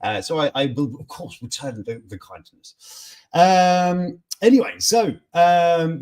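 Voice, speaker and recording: Husky, lively man hosting chat. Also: a little high, measured pace. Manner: chatty, jokey, reacts to viewer comments. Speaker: host of a morning news chat stream. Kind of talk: casual live chat reading news and comments.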